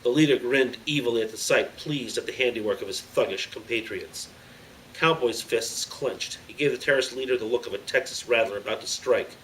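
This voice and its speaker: A man reads an adventure book aloud in a dramatic storyteller's manner, his voice bright and crisp in tone. He sits a little back from the mic, and a faint hum of background noise runs under him. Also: mid-range voice, brisk, distant mic, low-quality recording. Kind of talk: reading a children's book aloud.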